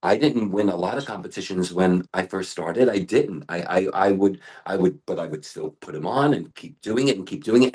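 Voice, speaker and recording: A middle-aged man and hair artist talking in an interview, telling animated stories with frequent restarts. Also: deep voice, husky. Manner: animated storytelling with many restarts. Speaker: global ambassador and hair artist.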